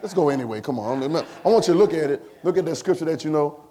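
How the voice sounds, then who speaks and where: A man preaching a sermon in church, repeating phrases and building to shouts. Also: on the high side, animated, quick pace. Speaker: pastor. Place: church sanctuary.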